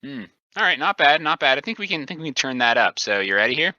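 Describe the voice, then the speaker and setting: A man hosting a casual podcast, quizzing his guest in a deadpan way. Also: a little high, fast, dry recording. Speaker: podcast host. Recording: dull lo-fi sound, dry.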